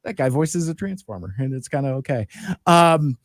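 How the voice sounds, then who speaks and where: A man's voice: on the high side, expressive, moderate pace, dry recording, studio quality. A man hosting a podcast live stream, talking in a loose, rambling way with lots of fillers. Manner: rambling, many fillers and restarts. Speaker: podcast host. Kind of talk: casual live-stream chat.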